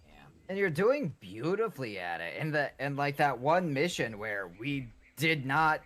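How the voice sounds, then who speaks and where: A man with an ordinary mid-pitched voice chatting casually while gaming. He rambles from thought to thought, restarts his sentences, and drops in playful sarcasm. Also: big pitch swings, a little slow, a bit bright. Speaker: co-op gaming partner.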